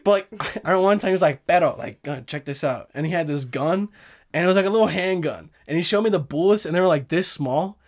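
A young man hosting a podcast, telling stories in a loose, animated way, swearing and laughing often. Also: fairly high pitch, fast talker. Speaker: podcast host. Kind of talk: casual chat.

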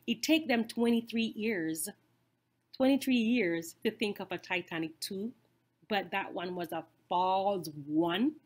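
A woman vlogger chatting casually to her viewers. She repeats herself and keeps asking them rhetorical questions. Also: medium pitch. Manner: excitable. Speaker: YouTube vlogger. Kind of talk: casual chat to camera.

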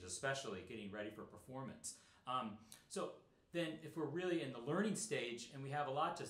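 A middle-aged man teaching snare drum in a relaxed, explanatory way, with many fillers. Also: mid-range voice, reverberant. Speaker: percussion teacher. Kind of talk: instructional talk.

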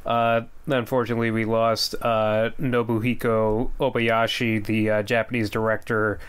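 A man co-hosting a podcast in casual chat, relaxed and easygoing and quick to laugh. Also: lowish voice, clear, resonant tone. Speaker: podcast co-host.

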